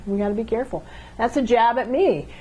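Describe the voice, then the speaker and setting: A woman's voice: fairly high pitch, brisk, dark tone, breathy edge. A woman instructor giving a classroom lecture on communication, repeating key phrases and checking in with her listeners. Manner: acts out couples' dialogue to illustrate.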